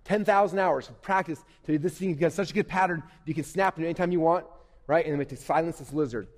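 Upbeat male speaker addressing youth live; slightly high voice, reverberant hall. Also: fast. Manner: energetic, repetitive, conversational. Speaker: motivational speaker. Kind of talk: live motivational talk to youth. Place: stage at a live event. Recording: echoey hall.

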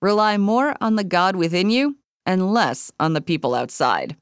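A woman reading a self-help book aloud as an audiobook, in a measured, earnest way with calm, deliberate repetitions. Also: on the low side, clear, resonant tone, no room sound, clean studio sound. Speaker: audiobook reader. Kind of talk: scripted audiobook narration of a self-help text.

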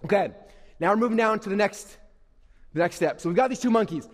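A man giving an energetic, playful, emphatic live presentation to young people as a motivational speaker. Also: high-pitched, fast talker. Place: event hall. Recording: reverberant hall.

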